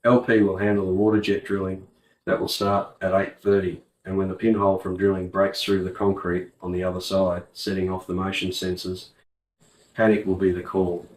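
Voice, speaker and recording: A man reading an audiobook in a plain, even way. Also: low-pitched, normal speed. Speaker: audiobook narrator. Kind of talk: audiobook narration. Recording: roomy, distant mic.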